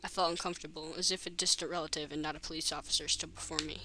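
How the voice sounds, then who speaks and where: A woman's voice: deep voice, fairly even intonation, rapid-fire, background noise. A woman streamer reading a story game aloud, breaking off for chatty, self-mocking asides.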